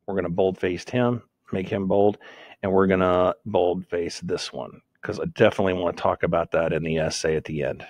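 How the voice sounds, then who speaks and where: A man's voice: low-pitched, fairly even intonation, fairly quick, darkish tone, dry recording. A man giving a screen-recorded lesson on making notes, thinking aloud and correcting himself as he types. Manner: thinks aloud, self-corrects while typing. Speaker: teacher.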